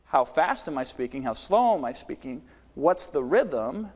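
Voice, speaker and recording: A man teaching a live workshop on selling, who demonstrates delivery by swinging his volume, pace and pitch. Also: sing-song, unhurried, darkish tone, in a large hall. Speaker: webinar trainer.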